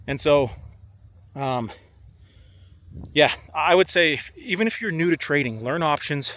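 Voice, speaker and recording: A man's voice: fairly high pitch, a little slow, pauses often. Chatty young man vlogging on a golf course. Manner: relaxed, chatty, uses "like" and "man" a lot. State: slightly out of breath. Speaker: options trader and vlogger. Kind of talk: casual vlog talk to camera.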